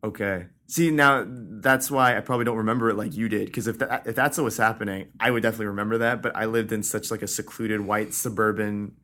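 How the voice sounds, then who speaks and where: Young male co-host, slightly low voice, relaxed rambling podcast chat, NorCal-raised. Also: fast, few pauses. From Northern California. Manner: loose and chatty, lots of "like" and restarts. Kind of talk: casual chat.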